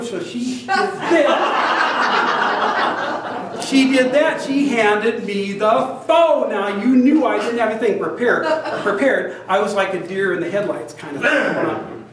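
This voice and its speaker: An older man telling a lively personal story to an audience, acting out the other people's lines as he goes. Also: high-pitched, slow pace, a little hiss or hum. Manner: animated, self-described big talker, acts out both sides of dialogue. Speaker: genealogy society presenter. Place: meeting room with an audience. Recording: very echoey room, mic at a distance.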